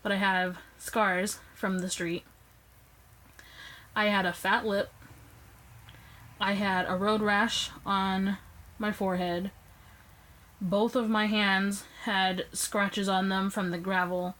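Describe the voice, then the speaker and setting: Young woman, casual storytelling to camera, phone recording, lively voice, mid-pitched. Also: slow, long pauses, low-quality recording. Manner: animated, acts out quoted lines with raised pitch. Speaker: vlogger.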